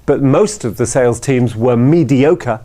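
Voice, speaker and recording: A man's voice: mid-range voice, measured pace, dark tone. Man telling a story with frequent "yeah?". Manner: checks in with listeners with frequent "yeah?". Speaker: speaker. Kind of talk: storytelling talk.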